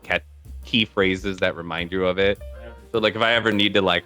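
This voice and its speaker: Deep-voiced rambling male host. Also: a bit bright, clear, resonant tone. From New York. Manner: rambling, explanatory, full of "like". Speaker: podcast host. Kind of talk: casual chat about voice acting.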